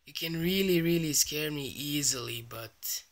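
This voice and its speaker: A man's voice: a little high, a little slow, fairly bright tone, a little hiss or hum. Jittery young man whispering in fear. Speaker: gaming channel host. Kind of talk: scared mobile horror let's play.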